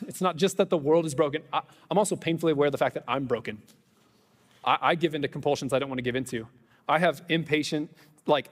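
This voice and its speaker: A man preaching a conversational Easter sermon as pastor, animated, with self-deprecating humor and quick asides. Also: fairly high pitch, in a large hall. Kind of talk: Easter sermon with personal stories. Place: church sanctuary.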